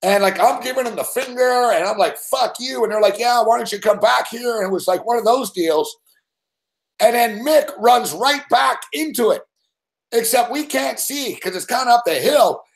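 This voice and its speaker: Youngish guy with a high voice hosting a betting show, swears nonstop, rambles, laughs at his own story. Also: animated, normal speed, vocal fry. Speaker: sports betting show host. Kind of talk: profane storytelling on a live show.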